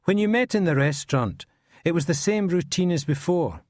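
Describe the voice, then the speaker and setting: A man's voice: fairly high pitch, animated, normal speed, a little mellow, no echo, lightly acted. An actor playing a patient male detective who questions a suspect with dry, probing politeness. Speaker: police interrogator.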